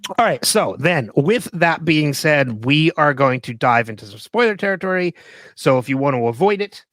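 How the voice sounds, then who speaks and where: A man's voice: fairly high pitch, expressive, moderate pace, fairly bright tone, no room sound. A man co-hosting a casual podcast discussion, rambling with lots of fillers and laughing often. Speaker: podcast co-host.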